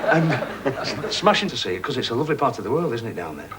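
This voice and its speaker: A middle-aged quiz show host jokes with and teases contestants, laughing often, on a 1980s TV broadcast before a studio audience. He talks fast and very animatedly in a mid-range voice over a noisy crowd.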